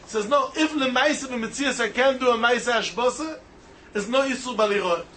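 Animated high-voiced teacher. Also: male voice, brisk, slight background noise. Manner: animated, mixes Hebrew, Aramaic and Yiddish terms into English, sing-song reasoning. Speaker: Talmud teacher. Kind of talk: yeshiva-style Talmud lecture.

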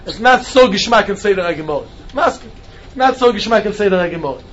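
A man giving an animated Talmud class lecture, mixing Hebrew and Yiddish terms into his English. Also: high voice, fast. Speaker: Talmud teacher. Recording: dull lo-fi recording with faint noise.

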